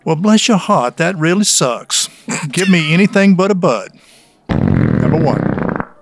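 A man on a podcast putting on a deep Southern US accent as a folksy Southern gentleman rating beers, drawling and theatrical. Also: sing-song, unhurried, gravelly, full character voice. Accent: put-on deep Southern US. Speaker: podcast co-host.

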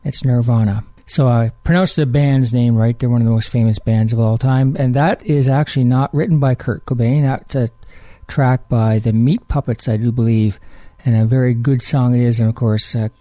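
A man's voice: mid-range voice, steady tone, normal speed, mellow, no echo. A man hosting a music radio show, chatting casually between songs in a rambling way with frequent fillers.

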